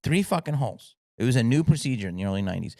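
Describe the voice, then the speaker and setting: A man's voice: medium pitch, racing, vocal fry, no echo. A middle-aged man sits as a podcast guest, spinning stories with swearing and big swings of energy. His voice sounds close and dry, with no room around it. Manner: profane, animated storyteller. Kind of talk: casual storytelling interview.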